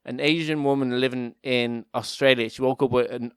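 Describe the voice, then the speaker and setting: Rambling podcast co-host. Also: male voice, medium pitch, steady tone, moderate pace, fairly bright tone, clear, resonant tone, no room sound, studio quality. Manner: rambling, laughs often, restarts a lot. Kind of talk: casual chat.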